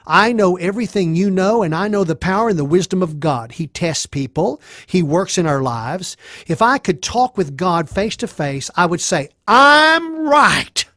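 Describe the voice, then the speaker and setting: A man's voice: sits high, normal speed, few pauses, dry recording, studio quality, lightly acted. A man voicing a suffering, despairing man who pleads his innocence, his voice rising in anguish.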